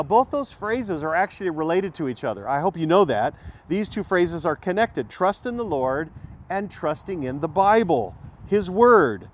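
A man preaching a sermon in an emphatic way, repeating key phrases and asking rhetorical questions. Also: a little high.

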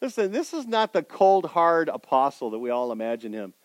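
A man preaching a sermon, putting rhetorical questions to his congregation and swinging between loud emphasis and quiet intensity. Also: fairly high pitch, sing-song, fairly quick, dry recording. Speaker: pastor.

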